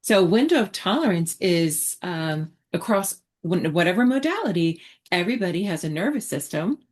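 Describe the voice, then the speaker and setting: Presenting in a relaxed online teaching chat, a woman therapist explains her approach in a lowish voice at a moderate pace. Her reflective talk is full of fillers and restarts.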